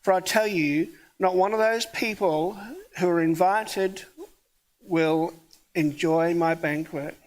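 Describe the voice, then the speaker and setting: A man's voice: high-pitched, slow. A man who is a pastor, preaching a sermon in a conversational storytelling way and acting out the dialogue of his story. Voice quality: hard of hearing.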